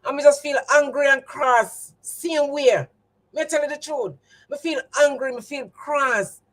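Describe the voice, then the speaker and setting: A woman's voice: high voice, unhurried, a bit bright, poor audio. A woman with a Jamaican accent, telling a personal story to her livestream viewers in an emphatic, repetitive, testimony-like way. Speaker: livestream host.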